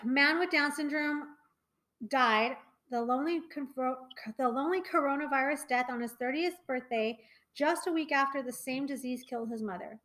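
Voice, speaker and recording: High-voiced chatty young woman. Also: normal speed, a bit bright, poor audio. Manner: chatty, many fillers and trailing restarts. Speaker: podcast co-host. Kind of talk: casual chat.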